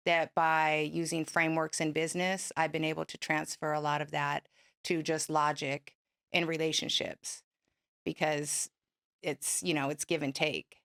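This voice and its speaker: A woman co-hosting a couples podcast, talking in a measured, reflective, analytical way. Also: low-pitched, a bit bright, clean tone. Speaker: podcast co-host. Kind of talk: casual couple's podcast chat.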